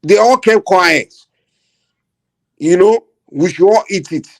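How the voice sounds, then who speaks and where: A man's voice: sits high, takes it slowly, vocal fry. A man with a Nigerian Yoruba accent hosting a heated political talk, blunt and indignant, switching between Yoruba and English. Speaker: host.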